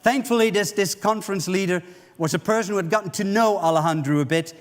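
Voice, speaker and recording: A man's voice: sits high, quick pace. A male pastor preaching a sermon, telling a story vividly and acting out the lines of its characters. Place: church sanctuary. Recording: reverberant church hall.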